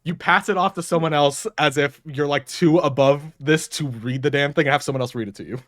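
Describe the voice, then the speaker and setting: A man's voice: on the high side, a little fast, a bit bright, dry recording, studio quality. A man playing a tabletop game with friends, teasing the others. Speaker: player. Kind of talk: casual tabletop play.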